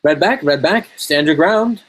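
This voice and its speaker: A man's voice: a little high, animated, a little slow, a little hiss or hum, voice pushed up. A man reading a fairy tale aloud, voicing a polite, fussy male deer who referees a wrestling match. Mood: formal, encouraging.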